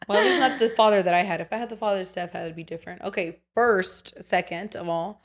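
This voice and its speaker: Young woman co-host, mid-pitched, casual. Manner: reacts with quick exclamations, swears casually. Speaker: podcast co-host. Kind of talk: casual chat.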